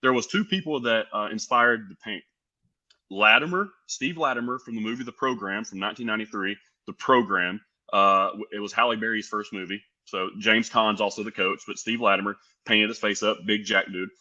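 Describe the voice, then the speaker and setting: A young man from the United States telling stories as a podcast guest, lively and animated, acting out what others said. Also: on the low side, fairly quick, lo-fi sound. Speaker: podcast guest, pro wrestler. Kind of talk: casual storytelling.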